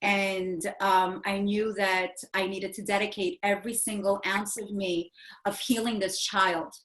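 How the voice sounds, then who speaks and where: Speaking a little slowly in a mid-range, slightly bright voice with little pitch movement, a woman in her forties tells a personal story as an interview guest. She's earnest and rambling, full of fillers and restarts, and the room is echoey.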